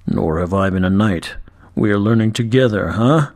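A man voicing a huge male dragon knight with a deep, slow growl. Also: a little mellow, natural voice. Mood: wry.

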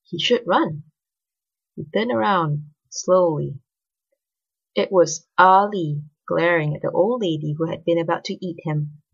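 A woman reads a story aloud with expressive narration. Her voice is low and husky. The recording is dull and lo-fi. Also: measured pace.

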